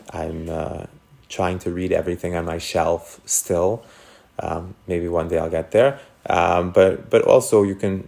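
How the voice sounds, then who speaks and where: A man's voice: low-pitched, vocal fry, a little mellow. A man teaching a text class on scripture, asking his students questions and thinking aloud as he explains. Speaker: Torah teacher.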